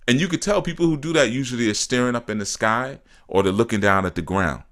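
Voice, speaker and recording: A man giving a casual spiritual talk as a teacher, animated and repetitive, often acting out what people say. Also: mid-range voice, quick pace.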